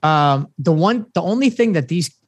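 A man talking as a podcast guest in a halting, rambling way, full of fillers and restarts. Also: a little high, expressive, no room sound. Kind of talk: casual chat.

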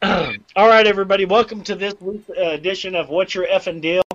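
A man's voice: high voice, steady tone, a little fast, fairly bright tone. A man hosting a segment on a casual podcast, joking around and then explaining at length. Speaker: segment host. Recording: dull lo-fi sound.

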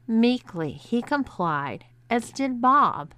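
Woman narrator for erotic audiobook; measured, unhurried, smooth tone. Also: medium pitch, animated, dry recording.

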